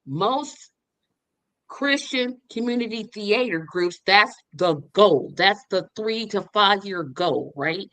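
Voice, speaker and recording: A woman speaks as a guest on a video call, her voice bright and forceful. She talks with enthusiasm and repeats words for emphasis. The sound is dry and close, with no room around it. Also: medium pitch, lively intonation, slow pace, dry recording. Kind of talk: casual livestream chat.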